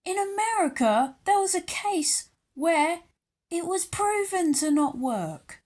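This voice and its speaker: A young British woman ranting angrily into her channel's camera, sarcastic and worked up, her pitch jumping up and down as she talks. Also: expressive, slow pace, a little mellow. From United Kingdom. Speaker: YouTuber. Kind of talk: ranting vlog commentary.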